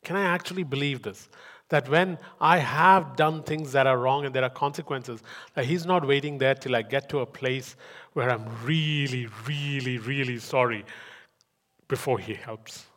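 A man preaches a sermon with emphatic conviction and repeats key lines for weight. His voice sits at an ordinary middle pitch. The sound rings out with a long reverb in a church hall. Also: normal speed, fairly bright tone.

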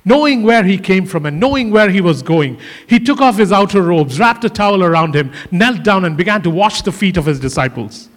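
A man's voice: high-pitched, lively intonation, fairly quick, few pauses. A male pastor preaching a sermon in earnest, often repeating his phrases for emphasis. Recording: hall reverb.

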